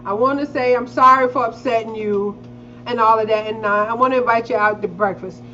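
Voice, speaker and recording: A woman's voice: brisk, soft background music. A middle-aged woman telling a family story in casual chat, acting out the quotes and swearing freely. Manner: animated, acts out quotes with big pitch jumps. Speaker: podcast co-host. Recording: slightly dull lo-fi audio with faint hiss.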